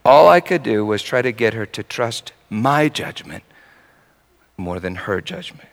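A man preaching a sermon through a personal story, told in an animated way that swings from hushed and soft to shouting. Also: mid-range voice, unhurried, gravelly, big-room sound.

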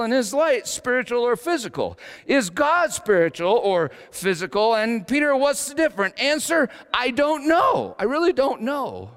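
Man preaching, fairly high voice, very lively pitch, dramatic swings from loud to hushed, long hall reverb. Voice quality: slight whistle on a false tooth. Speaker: pastor. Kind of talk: sermon.

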